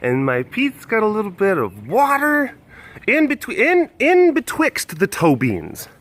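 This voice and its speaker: A man putting on a prissy, squeaky big cat lady. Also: huge pitch swings, a bit bright, heavily acted. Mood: complaining. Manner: high, drawn-out, prissy storytelling. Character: fussy female big cat, dainty and dramatic.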